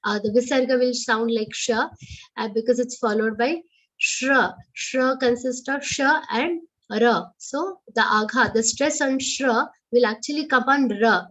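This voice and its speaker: Indian lady teacher, high voice, chants slow then explains fast, kinda muffled online audio. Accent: Indian English. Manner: chants verses slowly and higher, then explains quickly and lower. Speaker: Sanskrit recitation teacher. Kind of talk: slow chanted recitation with spoken pronunciation notes. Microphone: online class audio.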